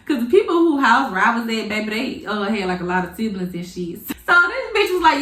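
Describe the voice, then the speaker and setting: Young woman, animated profane storyteller, echoey room. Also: on the high side, fast. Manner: animated, profane, dramatic retelling. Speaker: vlogger. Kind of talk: casual storytime.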